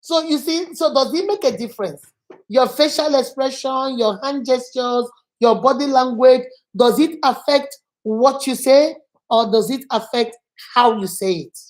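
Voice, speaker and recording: Woman host, somewhat high voice, probing questions, casual chat. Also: unhurried, a little mellow. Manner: probing, repeats and sums up answers.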